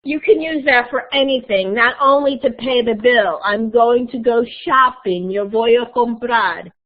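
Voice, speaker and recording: A woman's voice: a little high, measured pace. A woman teaching a live online Spanish class, explaining patiently step by step. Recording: tinny phone-like audio.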